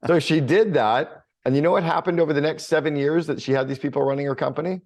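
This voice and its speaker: A middle-aged business coach and author tells stories bluntly in a casual podcast conversation, dropping the odd mild swear word. His voice is a little high and a little mellow, and he talks at a quick pace.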